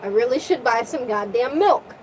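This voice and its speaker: Woman doing a deadpan homesick warrior king. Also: on the high side, moderate pace, close to an everyday voice. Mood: brooding. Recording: distant mic, faint noise.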